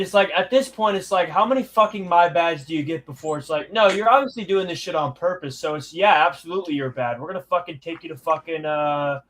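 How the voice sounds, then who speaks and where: A man's voice: a little high, fairly bright tone, a little hiss or hum. A man co-hosting a podcast, speaking bluntly and indignantly, with heavy swearing. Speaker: podcast co-host. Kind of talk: heated casual chat.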